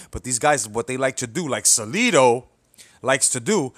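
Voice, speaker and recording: A man's voice: a little high, fairly bright tone. Man ranting hard, swearing constantly. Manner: blunt, swearing, heated rant with frequent "you know what I'm saying". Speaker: boxing commentary vlogger. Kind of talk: profane ranting opinion video.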